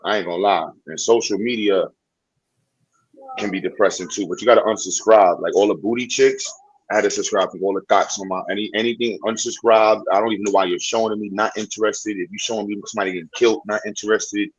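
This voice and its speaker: A man in a casual podcast chat, blunt and excitable, full of slang. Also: fairly low pitch, fast, husky, dry recording, rough recording.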